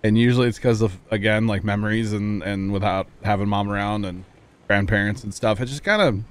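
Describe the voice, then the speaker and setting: Man, low voice, casual livestream chat, easygoing, reflective, thanks viewers by name. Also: brisk, smooth. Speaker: streamer.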